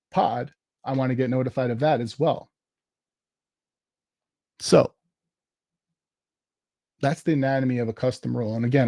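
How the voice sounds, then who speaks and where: A man walks through a live software demo at a meetup and narrates each command as he types it. His voice has a gravelly edge and sits at a middling pitch. The sound is dry, with no room echo. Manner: casual, thinks aloud while typing commands. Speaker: tech meetup presenter.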